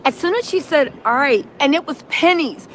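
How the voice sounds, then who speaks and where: A woman hosting a live reaction stream, talking animatedly and reading out viewer comments. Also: normal speed. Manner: animated, acts out quotes in a shrill yelling voice; reads viewer comments and greets chat.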